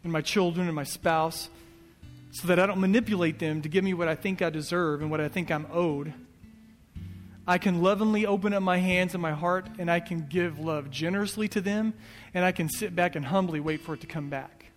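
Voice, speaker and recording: A man preaching with an earnest, repetitive build, his voice pitched a little high. It rings out with a long echo through a church hall, while soft guitar plays underneath. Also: fairly quick. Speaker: pastor. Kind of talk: sermon.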